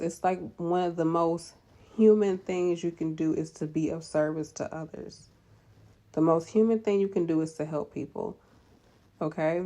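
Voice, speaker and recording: A woman in her thirties giving nurse vlog advice with an animated, preachy, encouraging delivery. Her voice sits on the low side and sounds mellow, and its pitch swings widely as she makes her points.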